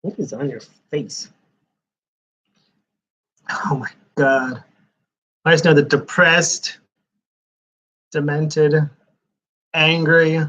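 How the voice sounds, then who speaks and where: A man's voice: on the high side, fairly even intonation, slow pace, long pauses, bright, forceful tone, muffled recording. A man giving rambling live-stream commentary while flipping through a comics preview magazine, with sarcastic asides.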